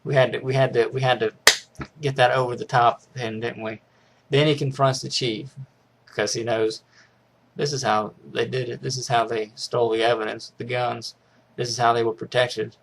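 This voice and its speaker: Gravelly man rambling through a movie recap. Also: medium pitch, little pitch movement, normal speed, slight background noise. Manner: rambling, with frequent restarts and chuckles. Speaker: movie reviewer. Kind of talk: casual spoken movie recap.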